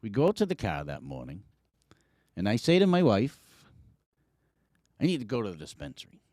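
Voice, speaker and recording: A middle-aged man spins a long, profane story on a podcast. His voice swings widely in pitch as he acts out what everyone said. The sound is dry and close. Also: a little fast, no echo. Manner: animated, profane, acts out quotes. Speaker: podcast co-host. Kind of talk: casual storytelling chat.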